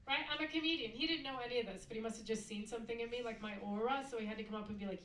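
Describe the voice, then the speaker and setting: A woman's voice: fairly high pitch, very fast, hardly any pauses, recorded from a distance. An American woman performing a stand-up comedy set on a club stage, wry and playful, mimicking other people in her jokes. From United States. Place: comedy club stage before a live audience. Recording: roomy club sound, loud audience laughter.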